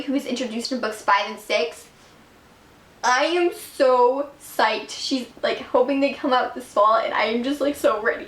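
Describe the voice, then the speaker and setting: A woman's voice: on the high side, fairly bright tone. A young woman in her late teens, reviewing books in a bubbly, gushing way, filling her talk with "like". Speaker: book reviewer. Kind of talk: casual vlog review. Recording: echoey room.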